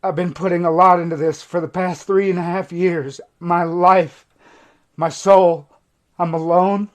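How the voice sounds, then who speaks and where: Recovery coach, male, high-pitched, fervent and emotional, hushed then intense, live stream monologue. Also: steady tone, a little slow. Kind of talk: impassioned livestream monologue.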